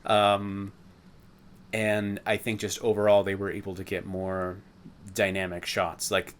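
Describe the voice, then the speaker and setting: A man with a low voice, talking through a film in loose, rambling podcast chat. He interrupts himself often, restarts his thoughts, and gets into nerdy detail. A faint hiss sits under the recording. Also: monotone, measured pace. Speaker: podcast co-host. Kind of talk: casual chat, film review.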